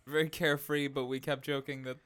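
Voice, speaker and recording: A man's voice: mid-range voice, level tone, a little fast, a bit bright, clear, resonant tone. A man co-hosting a podcast in casual chat, rambling and breaking into laughter, with the hiccups. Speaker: podcast co-host.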